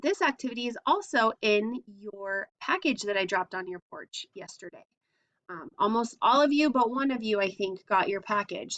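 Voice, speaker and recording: A woman's voice: medium pitch, pushed and bright. A woman teaching a phonics lesson to young children, patiently sounding out letters and asking simple questions.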